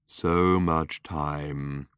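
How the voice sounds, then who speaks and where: Male reader's worn-out gloomy robot: deep, slow, hollow and groaning, dry booth sound. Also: steady tone, a bit bright, clear, resonant tone, dry recording, exaggerated voice. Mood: mournful. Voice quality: hollow rattle. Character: ancient gloomy male robot, rusty, self-pitying.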